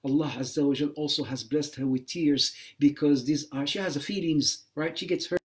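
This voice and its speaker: Impassioned high-voiced man lecturing. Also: fairly even intonation, brisk. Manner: impassioned, repeats phrases for emphasis; sprinkles Arabic religious phrases. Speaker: Islamic lecturer. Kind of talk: religious lecture. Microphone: livestream.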